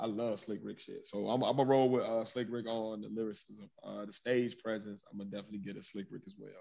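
A man co-hosting a podcast, giving blunt, profane opinions in relaxed slang. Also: fairly low pitch, creaky. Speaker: podcast co-host. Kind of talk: casual debate chat.

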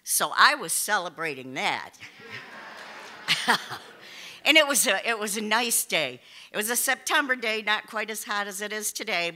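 A woman telling a personal story to a live audience, animated, often laughing and exclaiming. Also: mid-range voice.

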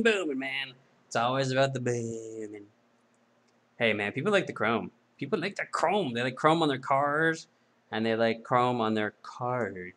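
Male host, casual sales patter, mid-pitched voice, drifts into goofy self-deprecating asides. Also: fairly bright tone. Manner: rambling, self-mocking jokes. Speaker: host of a card-break sales video.

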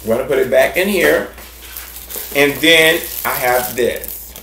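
A man hosting a gardening channel, chatting casually and warmly to viewers, effusive and repetitive. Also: measured pace, gravelly, echoey room, a little hiss or hum. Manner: effusive and affectionate, repeats himself, big swings in pitch. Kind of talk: casual vlog chat to viewers.

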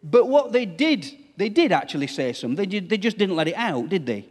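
A man's voice: high voice, very animated, a little fast, slightly rough, long reverb tail. A man preaching a sermon as pastor, talking conversationally and putting questions to the congregation. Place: church.

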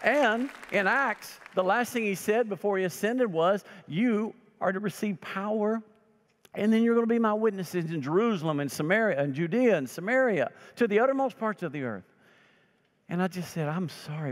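A man's voice: high-pitched, lively intonation, normal speed. Male pastor preaching in an echoing sanctuary. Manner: preaches by telling anecdotes and voicing the people in them. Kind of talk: sermon. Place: church sanctuary. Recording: long reverb of a church sanctuary.

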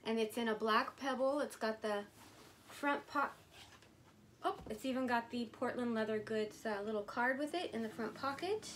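Gushing woman vlogger, slightly high voice. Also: normal speed, slight background noise. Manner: gushing and excitable, addressing viewers directly. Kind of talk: casual unboxing video.

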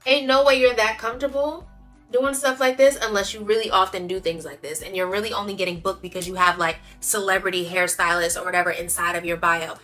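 A young woman tells a casual storytime to camera, venting in an animated, emphatic, slang-heavy way. Her voice is bright and forceful, sitting at a middle pitch, with faint music playing underneath. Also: brisk. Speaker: vlogger.

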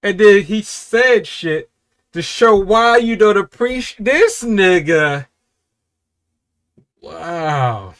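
Hosting a music reaction, a man talks casually and excitably, cursing a lot and lurching from low mutters to loud outbursts. He speaks extremely slowly, with frequent pauses.

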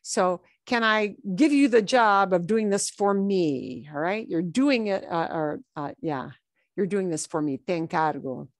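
Woman, Spanish teacher, slow patient explaining, keeps asking "okay?", dry sound. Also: lowish voice, dry recording. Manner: explains words slowly, with checks like "okay?" and "right?". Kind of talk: classroom explanation over a played lesson video.

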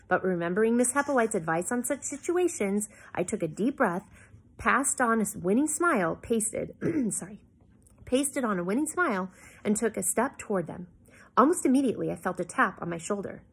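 Woman reading a book out loud at home, husky a bit gravelly, stops to explain stuff. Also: medium pitch, animated. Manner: pauses to explain the story to listeners, corrects slips. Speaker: reading aloud to children. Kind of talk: reading a novel aloud.

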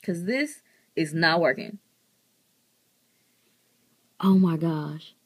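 Young woman with a lively, slow voice. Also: low voice, slightly rough. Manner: squeals and exclaims in disgust; talks softly to her pet lizard. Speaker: vlogger. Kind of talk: casual pet vlog.

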